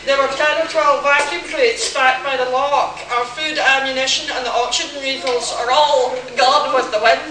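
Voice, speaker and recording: A reader putting on a Scottish accent to voice a gruff, fevered male ship's engineer, reading to a live audience. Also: high-pitched, fairly even intonation, normal speed, hardly any pauses, recorded from a distance, natural voice. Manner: laughs mid-line, breaking character. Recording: echoey room heard from afar, noisy.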